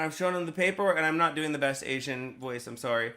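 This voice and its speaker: A man with a bright, forceful voice tells rambling stories about his work as a process server, swearing freely. He is heard over an online voice call. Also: on the high side, quick pace, few pauses. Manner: profane, rambling storyteller. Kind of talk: casual group call chat.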